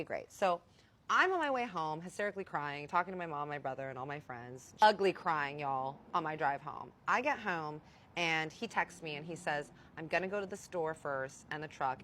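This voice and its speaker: A woman's voice: low voice, slight background noise. A young woman telling a personal story in a casual vlog, emphatic and acting out the quotes of the people in it. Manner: animated, emphatic, acts out quotes.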